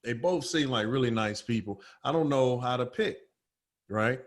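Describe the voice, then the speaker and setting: A man co-hosting a podcast, spinning a casual story in a mid-pitched voice. He talks loose and profane, peppering the tale with slangy asides and punchy emphasis. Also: normal speed. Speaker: podcast co-host.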